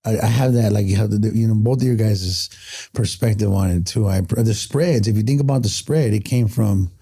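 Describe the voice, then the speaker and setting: This middle-aged man's low voice is gravelly and warm with a breathy edge, and he keeps a moderate pace. As a guest on a podcast, he tells reflective stories in casual conversation, earnest and heartfelt, often breaking off and beginning again.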